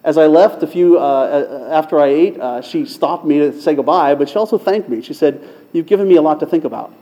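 A man preaching in a relaxed, conversational way, working through a personal anecdote with filler words and a self-deprecating edge. His voice is mellow and sits a little high for a man, and the recording sounds slightly dull and lo-fi. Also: fairly quick. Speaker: pastor. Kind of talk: sermon-style storytelling.

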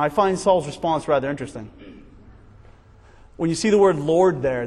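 A man teaching a Bible study class in a conversational, animated way, asking many rhetorical questions. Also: mid-range voice, in a large hall.

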